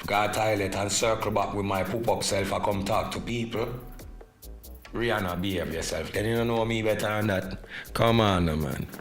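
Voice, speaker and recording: A man hosting a live podcast in casual chat, animated and teasing, laughing often and slipping into patois. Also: fairly low pitch, moderate pace. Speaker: podcast host. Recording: echoey room with faint music.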